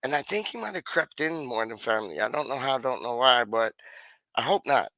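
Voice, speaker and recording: Gravelly heavy young man. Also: medium pitch, lively intonation, brisk, bright, forceful tone, no room sound. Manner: slangy, rambling, repeats "dog" and "like". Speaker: YouTuber. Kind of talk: rambling casual monologue.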